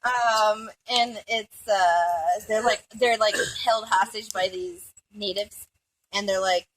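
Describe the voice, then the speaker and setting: A woman's voice: medium pitch, fairly even intonation, takes it slowly, a bit bright, poor audio. A woman casually recapping a movie among friends, rambling and profane, giggling and jumping off into asides.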